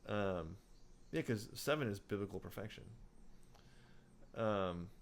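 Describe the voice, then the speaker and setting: A man with a fairly low voice talks casually as a podcast co-host. He rambles, filling gaps with ums and starting over mid-sentence. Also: expressive, slow, creaky, slight background noise. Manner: rambling, many fillers and restarts. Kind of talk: casual book-club chat.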